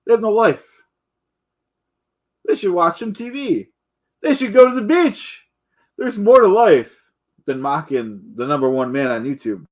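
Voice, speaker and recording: A man in a rambling comedic rant, indignant and boastful, calling himself the Duke and stumbling over repeated words. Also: fairly high pitch. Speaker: comedic ranter.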